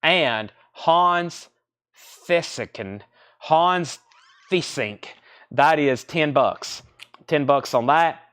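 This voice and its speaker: A young man hosting a live record sale, rambling casually between quick price call-outs. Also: fairly high pitch, animated, fairly bright tone, clear, resonant tone. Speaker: record store host running a live sale. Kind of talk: casual livestream sales patter.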